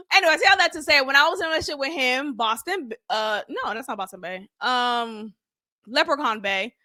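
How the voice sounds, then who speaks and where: A young adult woman whose voice sits high hosts a casual reality show recap full of animation, acting out quotes and laughing often.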